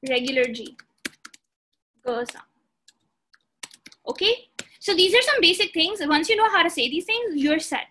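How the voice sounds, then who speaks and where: A woman's voice: high-pitched, bright, forceful tone. A woman teaching a beginner language lesson, patient, repeating points and checking that students follow. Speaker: language instructor.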